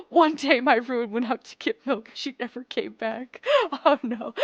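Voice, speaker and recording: A woman's voice: high-pitched, sing-song, slow, fairly bright tone, dry recording, highs cut off. A woman streamer chatting casually with her viewers, giggling often and getting flustered and apologetic. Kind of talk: casual live-stream chat.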